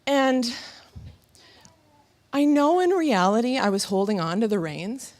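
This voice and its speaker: A woman in her thirties giving a motivational talk on stage before a live audience, telling stories with animated energy and laughter. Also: mid-range voice, measured pace, long pauses. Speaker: motivational speaker.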